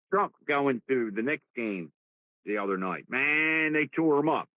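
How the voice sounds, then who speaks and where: A man's voice: on the high side, no room sound. New Jersey male host, rambling and heated, phone-quality audio. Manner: animated, rambling, repeats words. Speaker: talk show host. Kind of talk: casual political talk. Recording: dry tinny phone-like sound.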